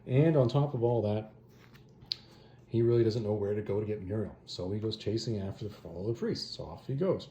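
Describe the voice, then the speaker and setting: A man's voice: fairly low pitch, expressive, fairly quick, dark tone. A man hosting a comic review channel, recapping a story in a casual, rambling way with offhand asides. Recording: echoey room with faint noise.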